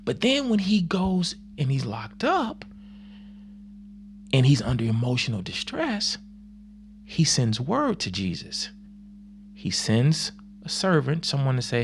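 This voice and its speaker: A man's voice: medium pitch, huge pitch swings, takes it slowly, pauses often, slight background noise. A man who works as a youth minister, teaching on faith in a casual, conversational way that is full of fillers and acted-out quotes.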